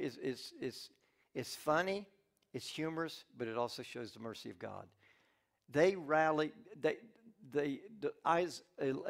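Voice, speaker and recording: A male pastor preaching a sermon, telling a Bible story with lively acted-out character lines and frequent restarts. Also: mid-range voice, vocal fry. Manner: restarts and repeats words often.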